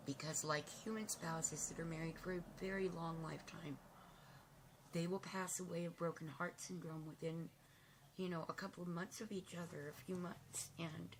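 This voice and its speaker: Woman vlogger, low voice, tearful, halting speech with ums, faint hiss behind. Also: vocal fry. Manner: emotional, halting, with frequent ums. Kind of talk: casual vlog talk to viewers.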